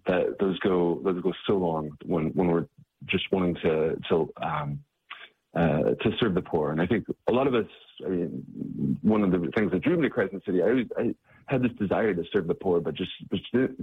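Deep husky man on a tinny line. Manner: halting, repeats words often. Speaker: guest, charity staff member. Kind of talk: interview conversation.

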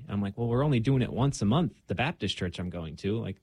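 A young man with a slightly low voice talks earnestly and reflectively, often pausing on fillers. The sound is dry and close, with no room around it. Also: darkish tone, no room sound. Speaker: guest. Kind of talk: casual conversation.

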